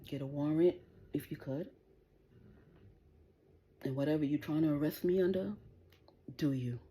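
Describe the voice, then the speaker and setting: A woman's voice: low-pitched, moderate pace, dark tone. A middle-aged woman hosting a livestream, delivering an angry, profane, taunting rant straight at the people she is addressing. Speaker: livestream host.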